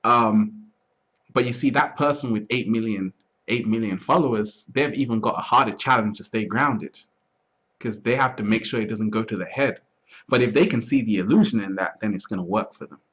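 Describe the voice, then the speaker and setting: A man with a low, husky voice talks through his ideas in an easygoing interview, circling back and restarting phrases as he goes. The recording sounds dull and lo-fi. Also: moderate pace, a bit bright. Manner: repeats words, restarts often, asks "you see what I'm trying to say". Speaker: interview guest. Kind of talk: reflective casual conversation. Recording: dull lo-fi audio.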